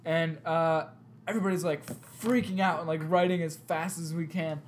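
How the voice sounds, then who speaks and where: A young man co-hosting a podcast, telling an animated story with lots of laughter and loud outbursts. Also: fairly high pitch, normal speed, slight background noise. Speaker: podcast co-host. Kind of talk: casual chat, storytelling.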